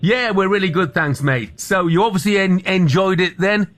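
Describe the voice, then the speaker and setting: A man hosting a breakfast radio phone-in, brisk and good-humoured as he takes calls. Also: sits high, a bit bright. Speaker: radio host.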